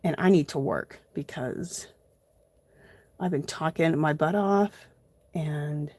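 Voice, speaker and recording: A woman's voice: low voice, slow, dark tone, no room sound. A woman hosting a casual live art journaling tutorial, chatting to viewers as she works. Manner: chatty, addresses viewers as "you guys".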